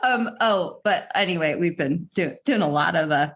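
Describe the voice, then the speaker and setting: A woman's voice: lowish voice, expressive, moderate pace. A woman hosting a podcast interview, chatting casually with frequent laughs, fillers and restarts. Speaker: podcast host.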